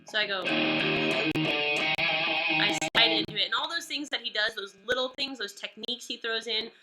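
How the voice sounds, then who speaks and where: A woman's voice: fairly high pitch, lively intonation, moderate pace. A woman with a stuffy nose giving a chatty, upbeat live-streamed guitar lesson. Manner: chatty and upbeat, greeting viewers by name. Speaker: guitar teacher. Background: guitar playing.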